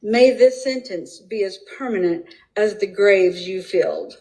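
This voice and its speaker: Mellow-voiced woman reading statements aloud. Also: medium pitch, measured pace, poor audio. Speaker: true crime livestream host.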